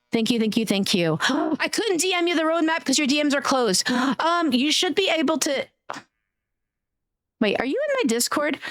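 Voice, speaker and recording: A young woman streaming a game, chatting in a bubbly, excitable, giggly way. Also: fairly high pitch, dry recording, studio quality. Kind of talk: casual live-stream chat.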